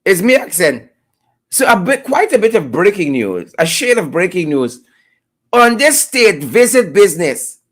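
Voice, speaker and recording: A host with a Guyanese accent giving mocking, sarcastic political commentary on a live stream, repeating points for emphasis. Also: mid-range voice.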